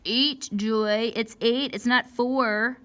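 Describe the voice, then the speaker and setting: A woman's voice: a little high, fairly even intonation, slow pace, fairly bright tone. A woman teaching a math lesson step by step, who scolds herself over mistakes, talks to the equations, and sighs and whispers when frustrated. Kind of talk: recorded math lesson walkthrough.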